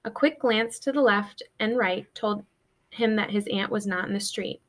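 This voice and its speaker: A woman teacher reading a children's novel aloud to her students in a steady, expressive way. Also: mid-range voice, moderate pace. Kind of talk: storybook read-aloud.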